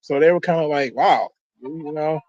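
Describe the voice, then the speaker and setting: A man with a fairly high voice rambles casually as he comments along with a wrestling event. He swears freely and circles back on his own thoughts. His voice comes through dull and lo-fi. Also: normal speed, a little mellow, no room sound. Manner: loose, profane, rambling. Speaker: host of a wrestling watch-along.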